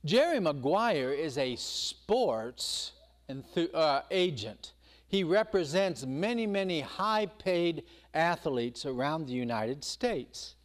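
Animated high-voiced male preacher. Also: slow pace. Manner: animated storytelling, acts out quotes. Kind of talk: sermon.

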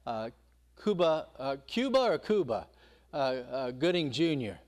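Animated high-voiced male preacher. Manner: animated storytelling, acts out quotes. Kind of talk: sermon.

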